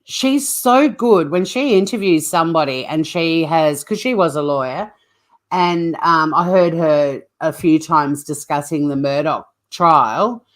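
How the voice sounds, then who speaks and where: A woman's voice: low-pitched, a little slow. A woman hosting a true crime channel, chatting casually and bluntly on a livestream, swearing freely and rambling as she reacts to live chat.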